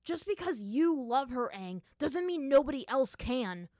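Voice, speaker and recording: A woman voicing a brooding, resolute young man with a quick temper, in a fan fiction reading. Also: sits high, very animated, mellow, dry recording, studio quality, pitched above the performer's own voice. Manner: resolute, clipped. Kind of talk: fan fiction read aloud.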